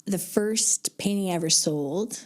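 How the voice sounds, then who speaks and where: A woman's voice: medium pitch, measured pace. A woman artist and teacher chatting as a guest in a casual conversation, upbeat and easygoing. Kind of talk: casual chat.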